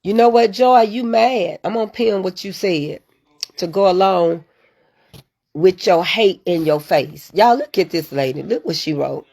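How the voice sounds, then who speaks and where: Chatting directly to her viewers, an American woman hosts a casual live stream and reads out and responds to their comments. Her voice is mid-range, unhurried, and a little mellow.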